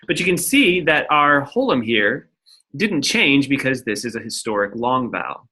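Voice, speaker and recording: A man's voice: mid-range voice, expressive, moderate pace, pushed and bright, slightly rough. A man teaching a lecture-style lesson, explaining step by step and often checking in with "right?". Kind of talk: recorded lecture at a whiteboard.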